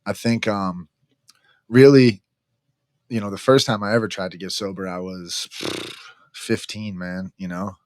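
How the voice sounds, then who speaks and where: Middle-aged man, deep monotone voice, frank, profane, casual storyteller. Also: unhurried, pauses often, no room sound. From Massachusetts, near Boston. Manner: frank, profane, says "man" after almost every phrase. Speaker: guest in recovery.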